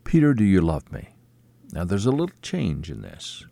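Deep gravelly guy preaching, slow and lively in pitch, mellow dry sound. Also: dry recording. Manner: slow, explanatory teaching with quoted scripture. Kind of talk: sermon.

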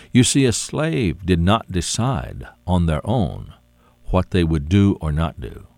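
A man preaching a sermon, slow and deliberate, with rising and falling emphasis. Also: sits low, mellow, dry recording.

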